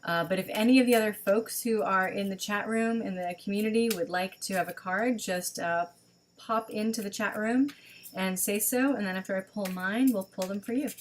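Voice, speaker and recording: A woman leading an online spiritual gathering over a webcam, talking casually and thinking aloud with many pauses and ums. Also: medium pitch, slight background noise. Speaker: online service leader. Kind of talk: online livestream teaching.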